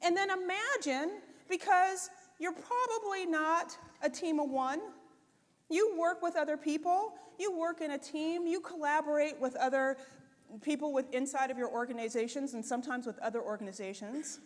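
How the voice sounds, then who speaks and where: A woman giving a conference keynote, talking in a conversational, expressive way with lots of "right?" and "like". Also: sits high, moderate pace. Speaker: conference speaker. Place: conference hall. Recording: long hall reverb.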